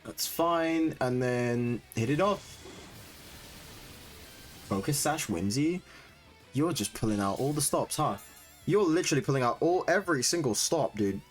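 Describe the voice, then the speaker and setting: An excitable young man talks through his competitive matches, reacting as every move lands. His voice sits in the middle of the male range, with soft guitar music under it. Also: mid-range voice, measured pace, long pauses. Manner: excitable, swings into loud frustrated rants. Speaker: gaming streamer. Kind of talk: live commentary on competitive battles.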